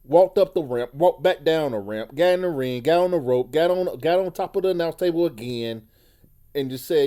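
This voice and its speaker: Exasperated ranting man, slightly high voice. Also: expressive, moderate pace, dark tone. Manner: sarcastic, exasperated, mocks in a high voice. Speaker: wrestling recap host. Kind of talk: angry rant.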